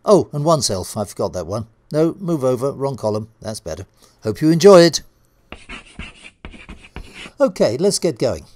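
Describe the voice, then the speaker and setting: Lively middle-aged male English teacher. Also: mid-range voice, moderate pace, long pauses. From England. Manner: clear, lively teacher's delivery. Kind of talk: scripted lesson narration.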